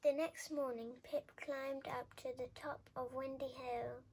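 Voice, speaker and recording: A woman reading a children's picture book aloud with expressive, lively storytelling. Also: high voice, a little slow, husky. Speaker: storybook reader.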